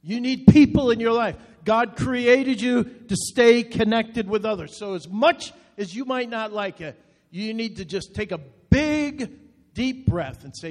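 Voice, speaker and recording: High-voiced pastor man preaching. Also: unhurried, a little mellow. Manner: earnest, direct appeals with repeated short phrases. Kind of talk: sermon. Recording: long reverb.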